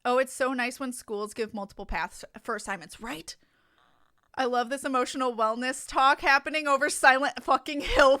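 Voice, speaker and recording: A woman's voice: a little high, pushed and bright. A young adult woman streaming a game, chatting candidly with her viewers, swearing freely and laughing often. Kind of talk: casual chat with stream viewers while gaming.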